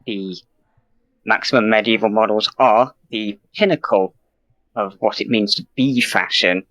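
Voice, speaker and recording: A man with a British accent pitching a silly idea in a comedy sketch, mock-formal and halting, with many ums and restarts. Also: fairly bright tone, no room sound, poor audio.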